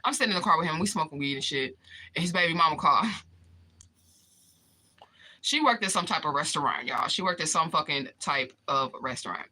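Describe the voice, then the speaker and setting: Bright-voiced woman telling stories, profane. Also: deep voice, brisk, pauses often. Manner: profane, animated, talks to the chat. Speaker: live-stream host. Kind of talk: casual storytelling vlog.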